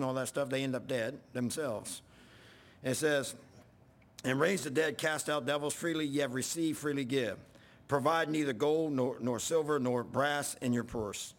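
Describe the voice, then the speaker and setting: A male pastor preaching a sermon in a church, telling folksy stories and rising to yelling when worked up. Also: medium pitch. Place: church sanctuary.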